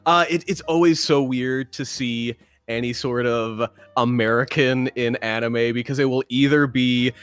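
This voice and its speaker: A man hosting a casual chat, relaxed and easygoing, with joking asides. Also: mid-range voice, a little slow, hardly any pauses, clear, resonant tone.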